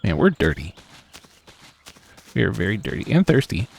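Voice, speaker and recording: A man's voice: fairly low pitch, big pitch swings, moderate pace, gravelly, breathy edge. A man live-streaming a game, chatting casually in a rambling, self-deprecating way and chuckling often. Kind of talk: casual live-stream chat while playing.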